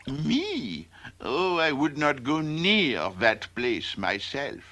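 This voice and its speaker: A man voicing a cautious, fussy male turtle with a put-on French accent, speaking slowly and carefully. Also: mid-range voice, huge pitch swings, background noise, heavily acted. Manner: slow, careful delivery.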